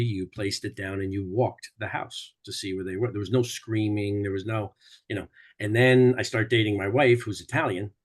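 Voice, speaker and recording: A man in a casual group chat, telling family stories with animated mimicry of relatives shouting. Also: on the low side. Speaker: group participant.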